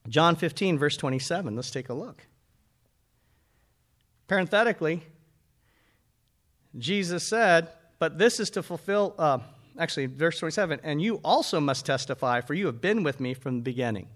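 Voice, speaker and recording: A man preaching a sermon as pastor, animated and calling out to his congregation. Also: fairly high pitch, moderate pace, pauses often.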